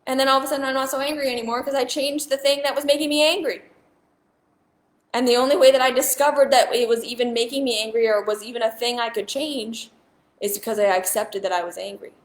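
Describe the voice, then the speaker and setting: A woman's voice: a little high, fairly even intonation, fast, roomy sound. A woman and spiritual teacher talking straight to viewers in a casual monologue, earnest and emphatic, often repeating herself.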